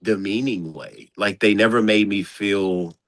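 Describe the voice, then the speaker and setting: A man, a basketball coach, talking casually in an interview in an animated, slangy way with lots of repeated phrases. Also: on the low side, measured pace, no room sound.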